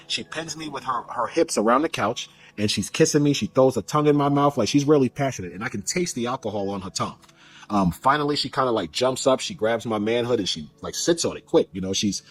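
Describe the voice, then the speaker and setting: Fast-talking man telling a story. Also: medium pitch. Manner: fast, animated retelling with quoted dialogue. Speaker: interviewee telling a personal story. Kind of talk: casual storytelling.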